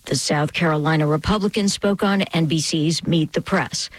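Crisp woman reading network news. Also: sits low, moderate pace, dry recording, low-quality recording. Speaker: newscaster. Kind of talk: network radio newscast. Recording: dry studio sound.

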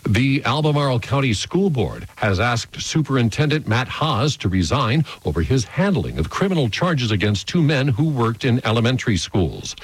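Guy reading the evening radio news, kinda husky voice, dry close mic. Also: mid-range voice, dry recording, low-quality recording. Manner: steady, formal news delivery. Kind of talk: newscast reading.

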